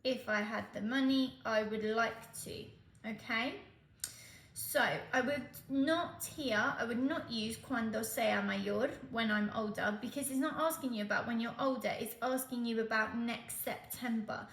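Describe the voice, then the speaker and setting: A woman's voice: a little high, a little slow, a bit bright. Patient woman teaching Spanish, roomy sound. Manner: patient, explains step by step, checks in with "okay?". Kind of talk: exam tutorial.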